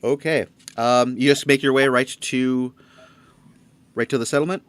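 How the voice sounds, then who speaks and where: A man narrating a tabletop game as game master, halting with many fillers. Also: mid-range voice, steady tone, smooth, no echo.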